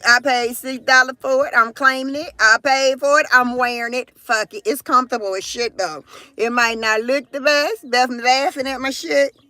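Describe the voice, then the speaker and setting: A middle-aged woman chatting on a live stream with a high, sharp voice. She rants loudly and profanely with lots of animation, speaking into her phone while standing outside near a car. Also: moderate pace, dry recording. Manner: loud, profane, animated ranting. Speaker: livestream host. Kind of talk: casual live-stream chat.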